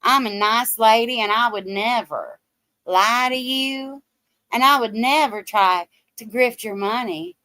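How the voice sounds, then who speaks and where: A woman voicing a sugary, fake-Southern churchgoing woman who insists she would never lie, in a slow, drawling, syrupy way. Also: on the high side, bright, forceful tone, no room sound, pitched above the performer's own voice. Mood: mock-sweet.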